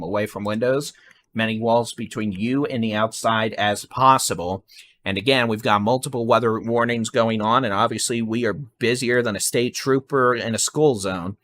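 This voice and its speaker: Male storm broadcaster, fast urgent delivery, bright forceful tone. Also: lowish voice, a little hiss or hum. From Texas. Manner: fast, urgent, repeats safety instructions. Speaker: live severe weather broadcaster. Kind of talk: live weather warning commentary.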